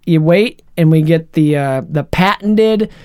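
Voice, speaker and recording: A man co-hosting a podcast, recapping a movie in casual chat and acting out scenes in quick voices. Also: on the high side. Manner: animated retelling, acts out scenes in quick voices. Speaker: podcast co-host.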